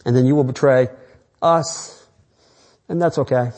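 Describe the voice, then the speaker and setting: A man's voice: medium pitch, fairly even intonation, measured pace, darkish tone. A man who is a pastor, preaching an earnest, rambling sermon full of restarts and fillers.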